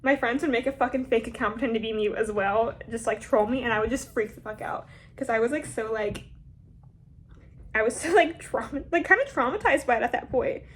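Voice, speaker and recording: A young woman telling a storytime vlog in an animated, dramatic way, swearing freely. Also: a little high, fairly quick, husky. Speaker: vlogger.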